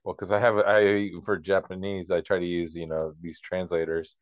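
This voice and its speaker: A man co-hosting a podcast in casual chat, chatty and quick to laugh. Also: deep voice, flat delivery, smooth, no echo, muffled recording. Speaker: podcast co-host.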